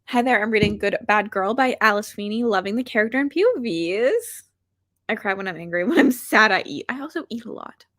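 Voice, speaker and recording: On her casual book livestream for reading sprints, this booktuber talks briskly in an animated, medium-pitched, slightly bright voice, recorded in studio quality with no echo. She rambles, pokes fun at herself, reads viewer comments, and says "like" often.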